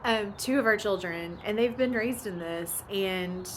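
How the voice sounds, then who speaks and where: A woman's voice: medium pitch, unhurried, slight background noise. A woman, chatting casually about family life and laughing often. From Oklahoma. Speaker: vlogger and ranch mom. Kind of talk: casual chat.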